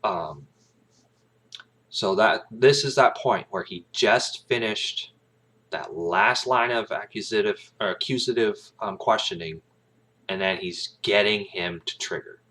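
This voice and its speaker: A man's voice: on the low side, unhurried, bright, forceful tone. A man who is an aspiring actor, casually retelling a movie scene in a rambling way. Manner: rambling, with many fillers and restarts.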